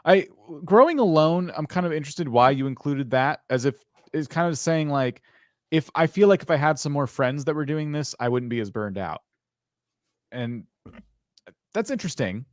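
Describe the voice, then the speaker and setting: A man's voice: on the high side, lively intonation, moderate pace, dry recording, studio quality. A man co-hosting a livestream, reading out viewer questions and thinking aloud in an easygoing way. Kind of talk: casual livestream Q&A chat.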